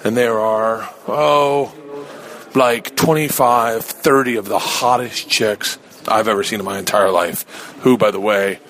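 A man's voice: fairly low pitch, fairly even intonation, measured pace, a bit bright. A middle-aged man hosting a podcast, telling a rambling, profane comic story in a casual way. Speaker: podcast host. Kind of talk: comedic storytelling.

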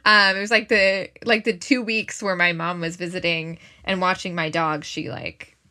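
Bright-voiced chatty woman co-host. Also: on the low side, fairly even intonation, normal speed. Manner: chatty, filler-heavy, laughs. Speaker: podcast co-host. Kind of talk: casual chat.

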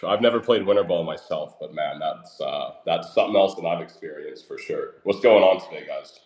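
Deep-voiced athlete in a roomy call. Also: male voice, fairly quick, a little mellow. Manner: laid-back, many fillers like um and uh. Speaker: guest, pro baseball outfielder. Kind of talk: casual interview.

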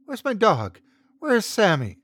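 A man voicing a frightened, injured young woman who sobs, whimpers and pleads in a hoarse, desperate voice in a horror audio story. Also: high voice, animated, normal speed, no echo, voice pushed up. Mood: terrified. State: sobbing, hoarse.

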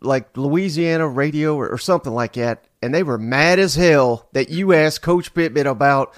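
A man's voice: fairly high pitch, normal speed, no room sound. Teasing male podcast host, dry sound. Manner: teasing, relaxed storyteller. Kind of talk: casual chat.

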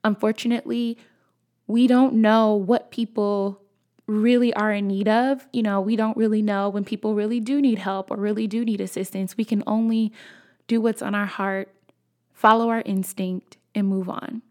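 A young woman in her twenties, hosting a podcast and telling a personal story in a casual, animated, chatty way, talking straight to her listeners. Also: mid-range voice, moderate pace. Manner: animated, conversational, addresses listeners as y'all. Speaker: podcast host.

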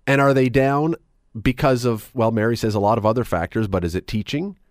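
A man's voice: mid-range voice, fairly quick, no room sound, clean studio sound. A man hosting a radio talk show, chatting wryly and reading items aloud with sarcastic asides. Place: radio studio. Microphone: studio microphone.

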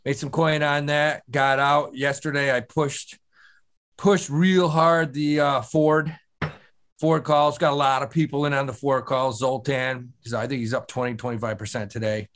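A man's voice: mid-range voice, steady tone, normal speed, a bit bright. A man co-hosting a podcast over a video call, talking in a laid-back, slangy way with some swearing. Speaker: podcast co-host. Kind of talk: casual chat.

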